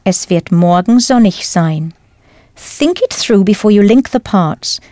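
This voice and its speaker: A woman teaching a language lesson in a clear, careful scripted delivery, spelling out words as she goes. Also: medium pitch, animated, a little slow, mellow, no echo.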